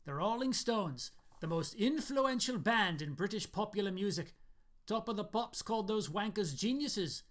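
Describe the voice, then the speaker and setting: A man's voice: high-pitched, expressive, moderate pace, voice pushed up. Man playing a pushy, raised, urgent ex-rocker in his forties. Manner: urgent, persuasive. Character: restless middle-aged male ex-rock musician, pushy.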